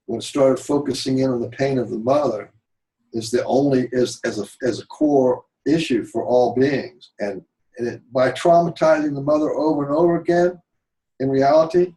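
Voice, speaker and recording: A man's voice: mid-range voice, dark tone, poor audio. Guy ranting about spirituality, lots of cussing and restarts, gets dramatic. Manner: swears freely, repeats and restarts words, dramatic. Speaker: spiritual talk show guest. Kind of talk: rambling spiritual monologue.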